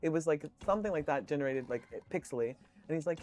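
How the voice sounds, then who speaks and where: A man's voice: medium pitch, fast talker, darkish tone, soft background music. A man streaming, chatting casually with viewers, telling rambling stories full of swearing and fillers.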